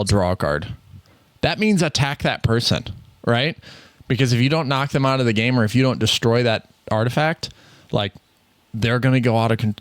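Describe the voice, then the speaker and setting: A man's voice: medium pitch, no echo. A man with a Midwestern accent, chatting casually on a podcast about card games, rambling and correcting himself as he goes. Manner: rambling, self-correcting, laughs often. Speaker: podcast co-host. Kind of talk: casual card game chat.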